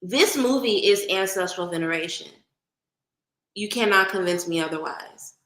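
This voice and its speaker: A woman from Oakland, California, with a light Bay Area accent hosts a livestream, chatting casually and greeting viewers by name. Her medium-pitched, slightly bright voice has lively intonation at normal speed, in a low-quality, echoey recording.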